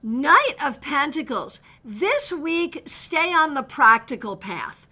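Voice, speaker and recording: A woman's voice: high voice, animated, slow pace, pushed and bright. A woman giving live tarot readings, chatty and direct, greeting viewers by name and giving blunt advice. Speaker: tarot reader. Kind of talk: live-stream card readings.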